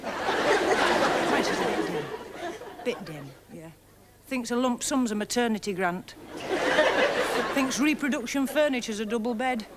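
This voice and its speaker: A woman with a fairly high voice works a live audience in a gossipy, chatty stand-up routine. She delivers deadpan one-liners and giggles at her own gags. Laughter from a studio crowd and steady noise run under this old TV recording. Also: unhurried, long pauses. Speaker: stand-up comedian.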